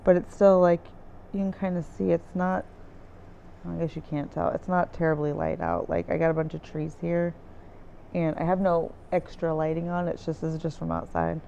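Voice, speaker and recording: Mellow gravelly-voiced woman rambling. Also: fairly low pitch, fairly even intonation, moderate pace, muffled recording, slight background noise. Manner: rambling, searching for words, many fillers. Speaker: vlogger. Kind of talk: casual diary-style recap. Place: dim room indoors by a window with trees outside.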